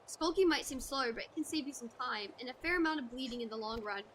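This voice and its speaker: Woman reading salty pirate guildmaster lines, sailor talk, kinda high voice. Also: quick pace, a little hiss or hum, lightly acted. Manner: salty seafaring speech, calls others lass. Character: gruff male pirate guildmaster of rogues. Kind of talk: reading game dialogue aloud.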